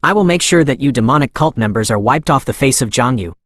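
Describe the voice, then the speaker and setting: A man voicing an arrogant, cruel young male prince who rants and then begs, read in a recap narration with a mid-pitched voice in a dry recording. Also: lively intonation, quick pace, fairly bright tone, no echo. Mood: enraged. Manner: ranting, then begging.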